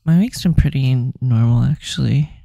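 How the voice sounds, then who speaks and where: A woman's voice: very deep voice, moderate pace, gravelly, dark tone, dry recording, lo-fi sound. A young woman co-hosting a podcast, telling stories in a chatty way with casual swearing. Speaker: podcast co-host. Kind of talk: casual chat.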